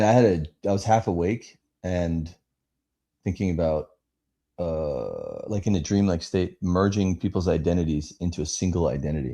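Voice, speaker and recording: A man co-hosting a live podcast, telling stories in a rambling, animated way full of fillers. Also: deep voice, gravelly. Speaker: podcast co-host. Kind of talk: casual chat.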